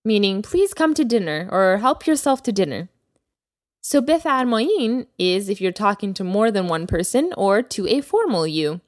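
A woman hosting a language lesson podcast as the teacher, speaking clearly and slowing down to model new words. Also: medium pitch, very animated, dry recording, studio quality. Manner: clear teacherly delivery, slows down for vocabulary. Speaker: Persian teacher, podcast host.

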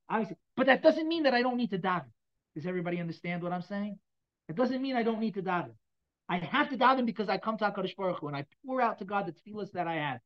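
A man teaching a Torah class to a live audience, his voice sitting a bit high and his words tumbling out quickly. He talks casually, repeating phrases and restarting with plenty of fillers. The recording is muffled and lo-fi. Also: expressive.

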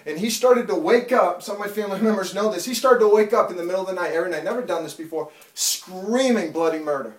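A man in his thirties giving a fervent testimony in church, building from storytelling to loud, pleading prayer. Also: sits high, quick pace, few pauses, echoey room, distant mic. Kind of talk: preached testimony.

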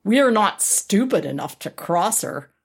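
A woman's voice: medium pitch, lively intonation, a little slow, slightly rough, pitched above the performer's own voice. A woman doing a blunt middle-aged character actor. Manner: blunt, crude, matter-of-fact.

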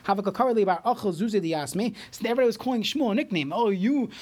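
A man teaching a Talmud class, reading Aramaic lines and explaining them in English, often halting and repeating words. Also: high voice, animated.

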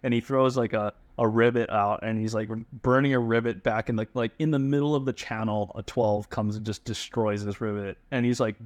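A man from Hawaii, a pro bass angler, telling fishing stories as a guest in a casual, animated way with lots of fillers. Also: a little fast, hardly any pauses, no echo. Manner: animated, full of fillers and restarts. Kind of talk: casual storytelling.

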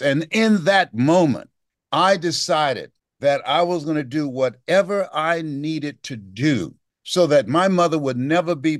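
A man's voice: a little high, dry recording, clean studio sound. A man in his seventies, a motivational speaker telling a story in an interview, acting out the voices of the people in it. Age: 70s. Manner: dramatic storyteller, acts out quoted voices.

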